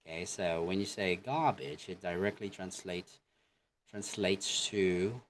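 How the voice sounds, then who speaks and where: A male English teacher with a low, deep voice gives an online lesson. He speaks slowly and deliberately and keeps checking in with his students. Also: slight background noise.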